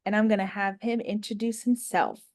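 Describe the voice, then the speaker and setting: A woman's voice: mid-range voice, fairly even intonation, brisk, a little mellow. Upbeat woman hosting an interview. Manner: upbeat and encouraging. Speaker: podcast host. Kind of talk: scripted intro then casual interview.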